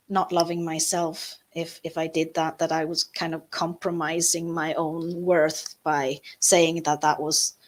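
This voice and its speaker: A woman with a Norwegian accent, a guest in a live interview, talking softly and hesitantly with many fillers and restarts. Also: fairly low pitch.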